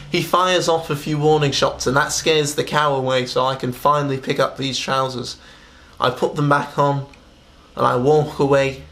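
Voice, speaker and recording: Man, comic monologue, hesitant, stumbling restarts, earnest, mid-pitched voice. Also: a bit bright. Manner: halting, stammering, many restarts. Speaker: comedian telling a story to camera. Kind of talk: mock-serious comic monologue.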